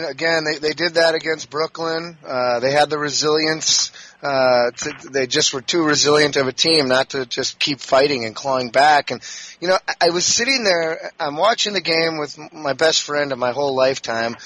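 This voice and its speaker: A man hosting sports talk, telling a game story in an animated, rambling way with many restarts. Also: on the high side, moderate pace, no room sound, poor audio. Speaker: sports radio host.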